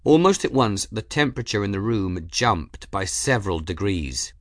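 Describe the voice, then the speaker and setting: A man narrating an audiobook chapter in a measured, dramatic storytelling manner, close to the mic. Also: fairly low pitch, lively intonation, no room sound. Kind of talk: scripted narration.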